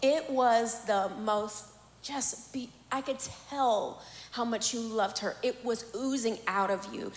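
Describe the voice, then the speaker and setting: A woman's voice: fairly high pitch, fairly even intonation, slow pace. A woman hosting a church panel, giving affirming responses and praising God as she leads the talk. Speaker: panel host. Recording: echoey hall with faint ambience.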